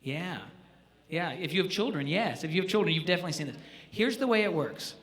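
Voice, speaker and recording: Man clinician, bright edgy voice, a bit high, playful with students in a school hall. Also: fast talker. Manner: animated, joking, asks the audience questions. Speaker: jazz clinician. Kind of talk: live music clinic teaching students. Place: school auditorium.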